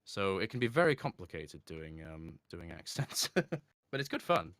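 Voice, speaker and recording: A man, a voice actor chatting in an interview, reflective and quick to laugh. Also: deep voice, very animated, a bit bright, no room sound, studio quality. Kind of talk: casual interview talk.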